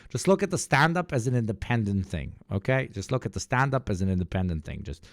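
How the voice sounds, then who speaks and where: A man's voice: on the low side, very animated, fast talker. A man casually commenting on clips during a live stream, blunt and sweary with offhand asides. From Slavic-speaking country.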